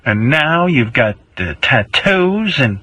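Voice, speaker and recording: A man's voice: mid-range voice, sing-song, slow, sharp tone, dry recording, voice pushed up, exaggerated voice, poor audio. A man playing a nagging, guilt-tripping older mother who acts like a martyr, whining and repeating the same complaints in a comic improvised bit. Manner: whiny, theatrical, repeats complaints.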